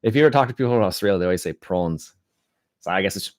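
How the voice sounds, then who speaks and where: A man hosting a casual live-stream chat, rambling and relaxed, with frequent restarts and fillers. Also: deep voice, very fast, gravelly, no room sound, clean studio sound. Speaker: gaming channel host.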